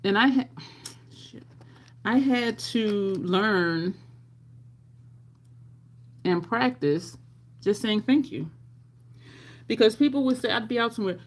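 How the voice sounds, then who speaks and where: A middle-aged woman with a fairly high, lively voice hosts a makeup livestream, speaking slowly with long pauses. She chats casually as she works, reading and answering live chat, laughing often, and acting out people in her stories.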